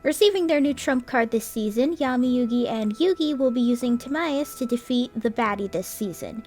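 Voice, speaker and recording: A woman's voice: on the high side, animated, normal speed, darkish tone, faint music behind. A young woman reading a scripted anime review voice-over, sarcastic, with casual swearing and wry asides.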